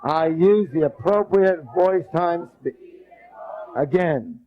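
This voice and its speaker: Energetic male leadership trainer, call-and-response. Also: a little high, slow, a crowd in the background. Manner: rambling restarts. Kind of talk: live seminar lecture. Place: seminar room. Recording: dull lo-fi recording.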